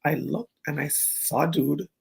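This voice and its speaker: A middle-aged woman and former runway model, telling a story as an interview guest in an animated, laughing way and acting out the people she quotes. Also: low voice, slow pace, creaky, breathy edge. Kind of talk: casual storytelling chat.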